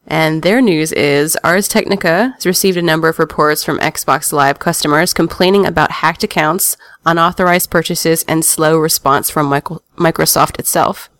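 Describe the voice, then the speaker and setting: A woman's voice: low voice, normal speed, hardly any pauses, fairly bright tone, dry recording, studio quality. A woman hosting a gaming podcast, reading the news of the week with wry asides and laughing often. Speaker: podcast host.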